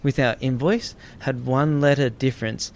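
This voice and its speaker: A man's voice: mid-range voice, steady tone, moderate pace. A man telling a long story in casual chat, rambling with many fillers and restarts.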